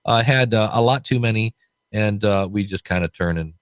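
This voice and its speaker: A man's voice: lowish voice, normal speed, smooth, dry recording. A man hosting a podcast, chatting casually and telling stories with quoted voices. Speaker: podcast host.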